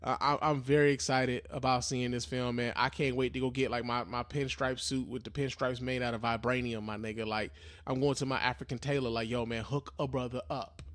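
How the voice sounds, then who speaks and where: A man's voice: medium pitch, flat delivery, fairly quick, a bit bright. A young man hosting a live podcast in loose, profane slang, talking casually and with a lot of energy. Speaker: podcast host.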